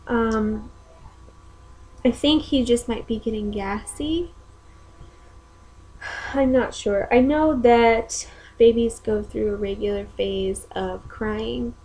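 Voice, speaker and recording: Heard on a rough recording, this woman has a fairly high pitch. She's a young mom and vlogger chatting casually at home, wandering from point to point with many ums.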